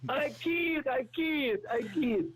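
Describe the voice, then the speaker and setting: A man's voice: very high voice, slow pace, a bit bright, full character voice. A man voicing a cocky, teasing male sports-fan caller who phones in to a talk show. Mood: brash. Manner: teasing, brash. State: coughing with a cold. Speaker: recurring comic caller. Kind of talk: call-in bit.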